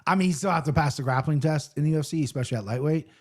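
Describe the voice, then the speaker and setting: A man's voice: on the high side, rapid-fire. A man co-hosting a casual fight-picks show, a joking storyteller who swears freely. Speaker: podcast co-host.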